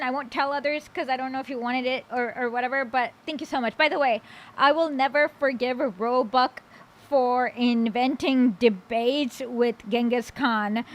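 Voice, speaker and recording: A woman hosting a casual talk stream who reacts to clips, blunt and rambling with many fillers and the odd swear. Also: high voice.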